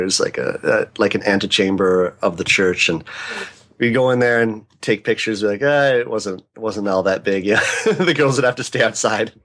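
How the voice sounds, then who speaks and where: A man co-hosting a podcast, chatting casually, laughing often and chiming in with short replies. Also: fairly low pitch. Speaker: podcast co-host. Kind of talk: casual chat.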